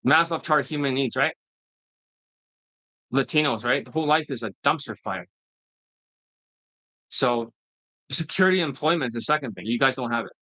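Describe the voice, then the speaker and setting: A man's voice: medium pitch, lively intonation, normal speed, long pauses, pushed and bright, no room sound, rough recording. A middle-aged man giving a blunt, profane coaching rant, often tossing in "right?". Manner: keeps asking "right?" to prompt agreement. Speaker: dating coach. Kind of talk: ranting coaching monologue.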